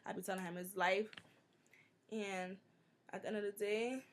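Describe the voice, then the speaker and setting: A young woman, telling stories in a casual, animated Q&A vlog. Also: mid-range voice, normal speed, slight background noise. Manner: chatty, animated storytelling with many "like"s. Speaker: vlogger.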